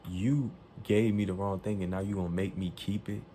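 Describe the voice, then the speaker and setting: A man with a low, warm, mellow voice tells a story in an animated and emphatic way. He swears freely and acts out the lines people said. A faint hiss sits behind him. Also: normal speed. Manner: profane, emphatic, acts out quoted dialogue.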